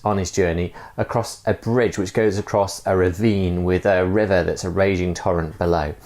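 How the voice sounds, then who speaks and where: A pastor preaching a sermon, telling a fable in a relaxed way with many fillers. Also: male voice, fairly low pitch.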